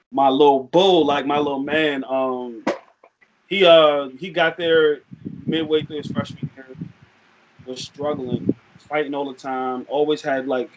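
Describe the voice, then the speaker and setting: A young man talking as a podcast guest, relaxed and rambling, with frequent fillers in casual chat. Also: fairly high pitch, a little hiss or hum, poor audio.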